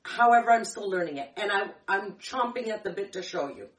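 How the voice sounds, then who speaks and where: A woman's voice: mid-range voice, lively intonation, brisk. A woman hosting a kitchen tips show, chatting casually in a rambling, self-correcting way, her throat a little dry from a candy in her mouth. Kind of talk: casual demo chat. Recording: echoey room, far from the mic.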